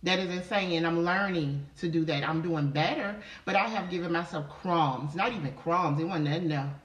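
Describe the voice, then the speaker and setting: A woman's voice: fairly low pitch, normal speed. A woman talks with fervent, preachy conviction, hammering her points home through repetition. Her voice sits back from the microphone. The room around her rings with a noticeable echo. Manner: fervent, preachy, repeats phrases for emphasis. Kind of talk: casual motivational chat. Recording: roomy, distant from the mic.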